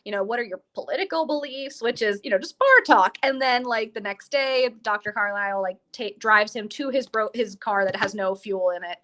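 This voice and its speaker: A woman's voice: mid-range voice, fairly even intonation, normal speed, hardly any pauses, fairly bright tone. A woman co-hosting a podcast, retelling a film in casual chat and voicing the characters' lines. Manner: chatty, acts out characters' lines. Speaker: podcast co-host. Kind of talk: casual movie discussion.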